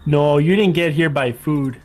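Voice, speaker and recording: A man playing a tabletop game in an excitable, chatty way, often exclaiming. His voice is a little high, with faint music behind him. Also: measured pace. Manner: excitable, laughing, says oh my gosh often. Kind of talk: casual game play.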